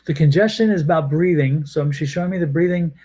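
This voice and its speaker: A man with a fairly high voice giving a live tarot reading. He rambles, stops and restarts, and repeats phrases as he goes. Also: quick pace, dark tone. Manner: rambling, repeats himself, many hesitations. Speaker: tarot reader.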